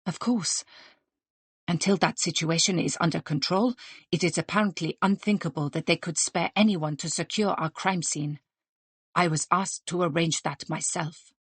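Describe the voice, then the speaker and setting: Una mujer haciendo de un gerente de restaurante ceremonioso. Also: female voice, lowish voice, breathy edge, dry recording. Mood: grave. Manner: formal, decorous, measured speech. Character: willowy, courtly male restaurant manager, formal.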